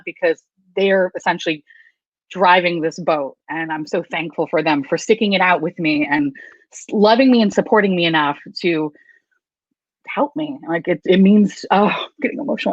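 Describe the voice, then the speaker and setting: A woman's voice: fairly low pitch, moderate pace, dry recording. A woman chatting casually as a guest on a video call, candid, swearing freely and laughing often. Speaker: guest YouTuber. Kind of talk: casual live chat. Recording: dull, lo-fi, dry sound.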